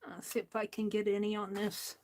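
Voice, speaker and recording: A woman hosting a craft livestream, thinking aloud in a slow, musing way as she works. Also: mid-range voice, monotone, a little mellow, a little hiss or hum. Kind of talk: casual talk while crafting.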